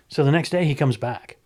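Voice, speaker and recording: A man's voice: mid-range voice, breathy edge. A middle-aged man, a stunt coordinator, telling stories in casual conversation and acting out the dialogue. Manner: animated storyteller who acts out quoted dialogue.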